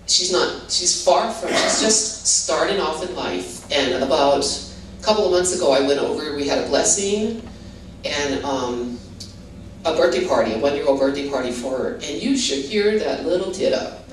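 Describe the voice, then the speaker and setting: With a low, animated voice at a measured pace, an older woman from Hawaii gives her guest testimony. It comes out rambling and relaxed, with many "you know"s and restarts. Expect a roomy sound from a distant mic and light background noise.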